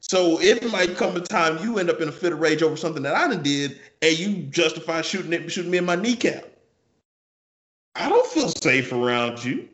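A man's voice: a little high, fast, few pauses, a bit bright, reverberant, muffled recording. A man co-hosting a casual podcast chat, rambling through hypotheticals and repeating his words. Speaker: podcast co-host.

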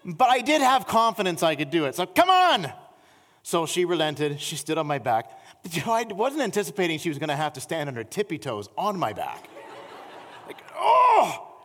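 The sermon comes from a middle-aged pastor whose animated anecdotes push his voice upward, then give way to gentle, slower, heartfelt appeals. It's recorded in a church sanctuary with lengthy reverb.

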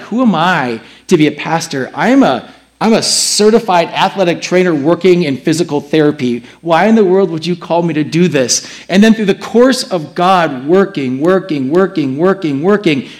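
A man's voice: a little high, animated, moderate pace. A man in his thirties, a pastor preaching a sermon and acting out his own past answers as he tells the story.

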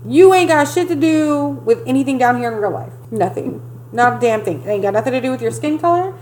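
A fired-up woman with a Southern US accent, swearing her way through a casual podcast rant. Her voice sits a little high, with a faint hum in the background. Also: animated, a little fast, a little mellow, poor audio. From Southern United States. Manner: profane, ranting, fired up. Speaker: podcast co-host.

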